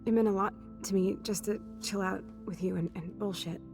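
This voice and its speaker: A woman's voice: medium pitch, steady tone, a little fast, lightly acted. An actress voicing a sardonic young woman in a wheelchair, talking in crude, wry banter in a game cutscene. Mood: wistful. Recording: game audio under music.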